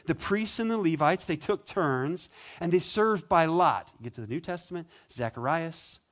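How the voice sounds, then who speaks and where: A male pastor delivering a sermon in a loose, conversational way. His voice sits a little high, and he keeps things animated with playful asides and quick back-and-forth questions to the congregation.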